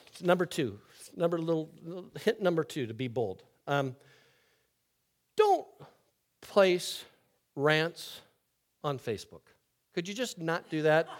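Older man preaching a lively story sermon. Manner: storytelling, swings from loud and lively to quiet and low. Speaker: pastor.

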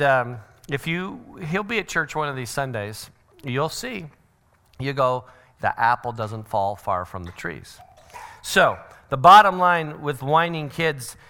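A middle-aged man teaching a church parenting seminar, his voice bright and a little high for a man. He talks in an animated, joking way and slips into quick impressions of what other people say. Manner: animated, acts out quoted voices. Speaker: seminar speaker.

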